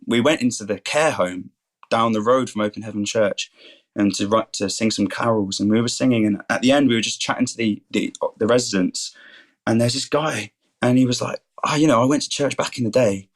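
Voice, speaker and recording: A man's voice: on the low side, fairly quick. A 21-year-old man, a guest on a podcast, eagerly telling faith stories and keeps calling things awesome. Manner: enthusiastic, keeps saying things are awesome. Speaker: podcast guest, student and rugby player.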